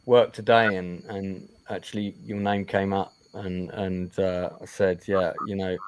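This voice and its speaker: A man's voice: low-pitched, flat delivery, measured pace, darkish tone, clean tone, no room sound. A man hosting a casual interview over a video call, chatty and repeating words as he gathers his thoughts. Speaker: interview host.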